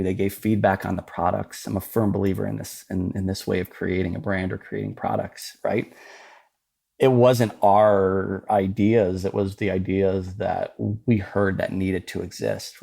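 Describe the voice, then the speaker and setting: A man's voice: lowish voice, gravelly, darkish tone. A man from the American Midwest, a podcast guest, talking earnestly and repeating words as he explains. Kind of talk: casual interview talk.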